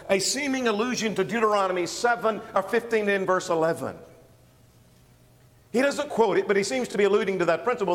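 A man preaching an expository sermon, walking through verses with emphatic, animated delivery. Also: high-pitched, fairly quick, big-room sound. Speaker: pastor.

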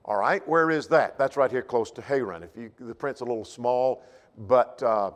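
A man's voice: medium pitch, normal speed. A man leading a Bible study lesson who thinks aloud, restarting phrases and repeating words as he goes. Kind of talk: Bible class lecture. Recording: long reverb of a hall.

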